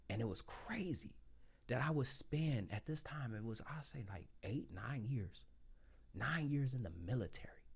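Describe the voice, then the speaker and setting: A man in his thirties telling his story as a podcast guest, blunt and profane, loud when excited and quiet when reflective. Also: medium pitch, husky. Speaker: podcast guest, Marine sergeant. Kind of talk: casual storytelling.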